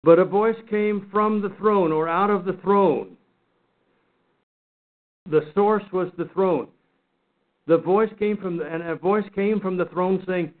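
High-voiced man teaching Bible study. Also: takes it slowly. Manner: earnest, emphatic, repeats and restarts words. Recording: phone-like narrow sound.

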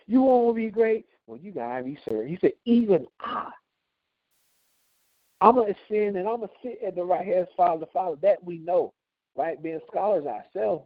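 A man teaching a Bible study and leading a closing prayer, preaching emphatically with rising and falling loudness. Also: high-pitched, no room sound. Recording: tinny phone-line sound, dry.

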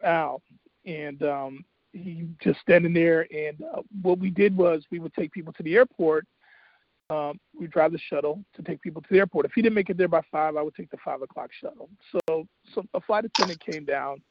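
A man's voice: a little high, dry recording. A man hosting a talk radio show, telling a personal story in an earnest, faith-driven way with many fillers. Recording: dull, dry lo-fi radio sound.

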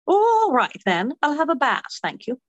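A woman's voice: high-pitched, wildly swooping pitch, unhurried, no room sound, highs cut off, voice pushed up, exaggerated voice. A woman voicing a haughty British woman in a pub, with a put-on British accent and prim, cutting put-downs. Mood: breezy.

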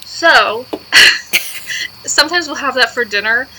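A woman's voice: high-pitched, expressive, slow pace, heavy background noise. A woman co-hosting a podcast in casual chat, talkative, laughing often and jumping between topics. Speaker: podcast co-host.

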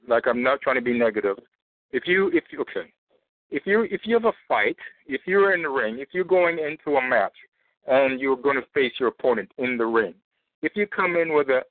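A man's voice: fairly low pitch, no room sound. A man calling in to a talk line, worked up and rambling, repeating himself as he talks. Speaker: caller. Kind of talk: emotional call-in monologue. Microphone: phone. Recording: tinny phone line.

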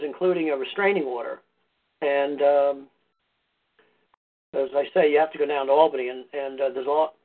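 A man, a podcast guest, casually telling a meandering personal story in a conversational way. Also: medium pitch. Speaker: podcast guest, foundation founder. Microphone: phone or call line. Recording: tinny phone-line audio.

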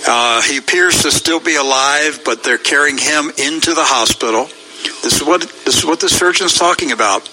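A man's voice: fairly high pitch, moderate pace, sharp tone, a little hiss or hum, poor audio. A man hosting a talk show, commenting emphatically on news clips and rising into pleading, preachy outbursts. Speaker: show host.

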